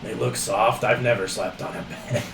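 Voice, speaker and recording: Gravelly young man joking at the table. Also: on the low side, fairly even intonation, moderate pace. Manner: laughing, easygoing banter. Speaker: player. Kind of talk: casual chat at a game table. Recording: roomy, distant mic with noise.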